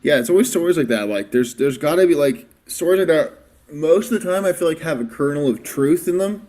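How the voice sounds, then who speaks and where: A man's voice: on the high side, animated, brisk, darkish tone. A man as a podcast guest in casual chat, hesitant and thinking aloud with frequent restarts.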